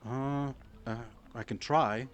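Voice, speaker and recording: A man's voice: mid-range voice, steady tone, slow, soft background music. A young man running a tabletop game as game master, talking loosely with many fillers and restarts.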